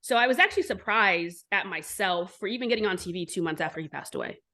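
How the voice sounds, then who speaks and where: An entrepreneur in her forties, interviewed as a guest, talks fast in a mid-range voice. Her storytelling is blunt and animated, peppered with frequent swearing.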